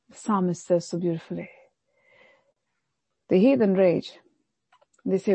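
A woman pastor preaching a sermon, slowing down to stress phrases and mockingly voicing the enemy's taunts. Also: medium pitch, lively intonation, vocal fry, warm tone, slightly rough, dry recording.

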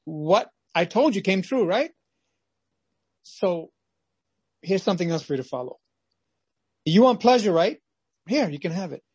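Sly male devil tempting with easy offers , put on by a preacher; pitched up, husky edge, dry close sound. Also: expressive, measured pace, long pauses, a little mellow, no room sound, muffled recording, exaggerated voice. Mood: coaxing. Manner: coaxing, wheedling offers.

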